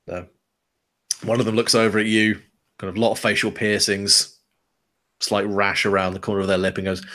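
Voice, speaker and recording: A man's voice: on the low side, flat delivery, normal speed, long pauses, pushed and bright. A man narrating a tabletop game as game master, loose and rambling. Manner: loose, rambling, full of fillers and restarts.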